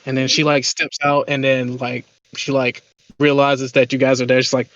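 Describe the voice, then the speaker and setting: A man's voice: medium pitch, little pitch movement, normal speed, a bit bright, dry recording. A man narrating as game master, rambling with lots of filler words. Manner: rambling, full of "you know" fillers. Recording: dull lo-fi audio.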